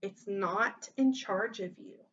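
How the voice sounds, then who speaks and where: A woman teacher reading a children's story aloud, voicing the characters with big expressive lifts in pitch. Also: takes it slowly, husky, highs cut off.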